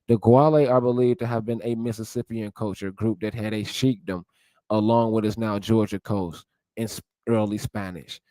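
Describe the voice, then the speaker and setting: Man giving a casual lecture to his viewers, mid-pitched, dry sound. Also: dark tone, no echo. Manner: lecturing, searches aloud, addresses viewers as y'all. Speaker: commentator. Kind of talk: casual commentary while browsing sources.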